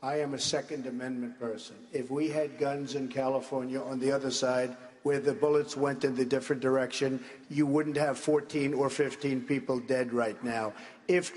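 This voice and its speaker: A man's voice: medium pitch, long reverb tail. A man answering at a debate, emphatic and repetitive, pressing on over interruptions. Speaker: presidential debate candidate. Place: large debate hall.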